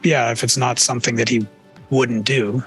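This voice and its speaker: A man's voice: medium pitch, flat delivery, normal speed, fairly bright tone, faint music behind. A man playing in a tabletop game, talking through rules in a matter-of-fact way. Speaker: player.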